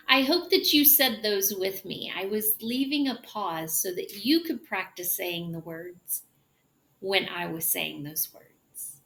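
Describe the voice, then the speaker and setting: Slow, bright-voiced woman teaching pronunciation. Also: mid-range voice. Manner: demonstrates sounds slowly, with drawn-out hushing. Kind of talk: pronunciation lesson.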